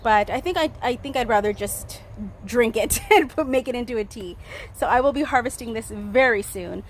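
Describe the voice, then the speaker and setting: A woman giving a casual garden tour vlog outdoors, chatty and excitable, laughing often as she talks into a handheld phone. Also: a little high, slight background noise. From Southern California. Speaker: garden vlogger.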